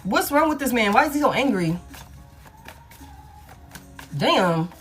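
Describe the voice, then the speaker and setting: A woman's voice: a little high, very animated, takes it slowly, faint music behind. Blunt, profane woman doing a tarot reading. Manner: casual, blunt and profane, thinking aloud. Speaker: tarot reader. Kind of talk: collective love tarot reading.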